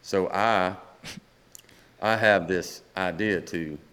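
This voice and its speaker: A man's voice: deep voice, steady tone, slow, a bit bright. A man, a guest singer-songwriter, telling a rambling story in a casual podcast chat and acting out the dialogue.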